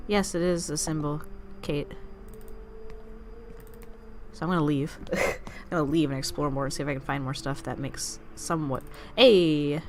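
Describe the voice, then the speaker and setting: Low-voiced woman rambling over gameplay. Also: fairly even intonation, normal speed, background noise. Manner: rambling, distracted chatter with asides; playfully teasing the game character. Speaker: gaming channel host. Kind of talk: let's play commentary.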